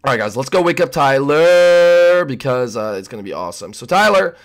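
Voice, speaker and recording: A man's voice: mid-range voice, expressive, fairly quick, natural voice. A man voicing a bossy, whiny young male turtle prince in a Minecraft roleplay.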